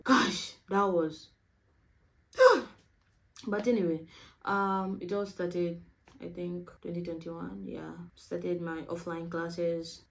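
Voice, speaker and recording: A young woman from Africa, a university student, chatting quickly and casually to camera, saying "y'all". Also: fairly low pitch, a little mellow, rough recording. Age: young adult.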